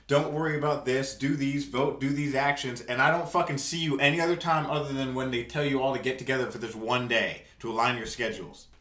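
A man's voice: medium pitch, pushed and bright, echoey room. A man co-hosting a podcast, delivering an angry, profane, emphatic rant in casual talk. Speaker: podcast co-host.

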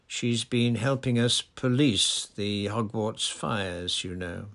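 Man putting on a sugary prim lady official, simpering with a nasty edge, bit gravelly. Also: on the low side, slow, fairly bright tone, exaggerated voice. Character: sickly-sweet, cruel middle-aged woman official.

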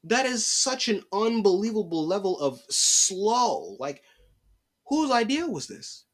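A man's voice: high-pitched, sing-song, slow. A young man hosting a solo opinion podcast, exasperated and casual, with slangy talk and repeated lines. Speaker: podcast host.

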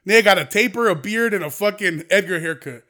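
A young man delivers a heated solo podcast rant with a high voice. He curses constantly and swings between low, muttered asides and loud, fired-up outbursts. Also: quick pace. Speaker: podcast host. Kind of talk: ranting podcast monologue.

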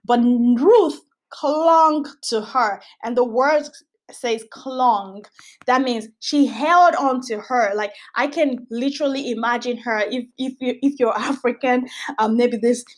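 Speaking slowly in a highish voice, this woman leads a Bible study podcast. She reads passages of scripture and teaches earnestly but casually, often repeating phrases for emphasis.

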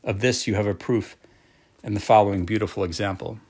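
A man with a fairly low voice reads a devotional text aloud. His delivery is slow and measured, with a solemn tone throughout. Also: fairly even intonation, a little mellow, breathy edge. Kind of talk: reading a devotional book aloud.

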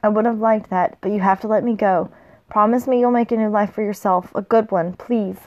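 A woman's voice: mid-range voice, fairly even intonation, fairly quick, lo-fi sound, natural voice. A woman reading as a dying young warrior woman. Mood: weak, tender. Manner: soft, weak read-aloud speech.

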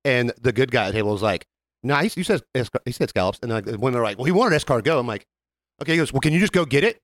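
A man co-hosting a relaxed podcast talks rapid-fire in a mid-range voice on a dry recording. His anecdotes are animated, full of acted-out customer lines and free swearing.

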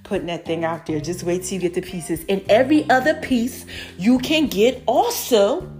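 A woman's voice: mid-range voice, normal speed, faint music behind. A woman hosting her own podcast, giving a casual, effusive update to her followers, calling them y'all and baby. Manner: animated, effusive, addresses listeners as y'all and baby. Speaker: podcast host and brand owner.

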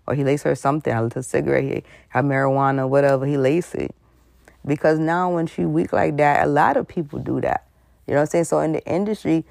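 A woman's voice: very deep voice, vocal fry, no echo, clean studio sound. A woman host giving a frank, conversational commentary monologue, full of asides and acted-out voices. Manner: animated, conversational, frank, breaks into laughs and voices.

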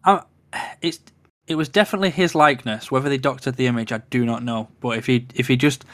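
A man's voice: medium pitch, fairly even intonation, fast, a bit bright, dry recording. A laid-back man co-hosting a casual podcast chat, swearing and correcting himself as he goes. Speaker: podcast co-host.

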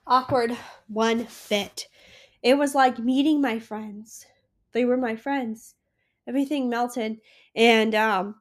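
Young woman, podcast host, sick, gushing, rambling, emotional, slightly high voice. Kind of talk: casual solo podcast chat.

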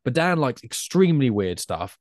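A man's voice: mid-range voice, very animated, normal speed, darkish tone, dry recording, clean studio sound. An English man with a chatty, rambling way of talking, a guest on a casual podcast. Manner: chatty, rambling, self-correcting.

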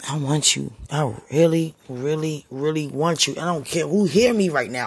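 A woman speaking an intimate spoken monologue, breathy and husky, often dropping into whispers and sighing exclamations. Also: deep voice, normal speed, hardly any pauses, no room sound, clean studio sound. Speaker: podcast speaker.

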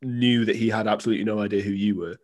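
A man's voice: on the low side, steady tone, very fast, darkish tone. A man chatting casually and teasing his co-hosts on a podcast. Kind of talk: casual chat.

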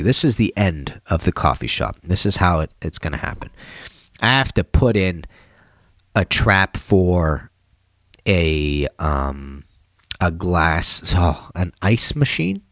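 Recorded with no room sound, this low-voiced man sounds worn out as he chats about his plumbing jobs in a slangy vlog style. His retellings grow lively and animated.

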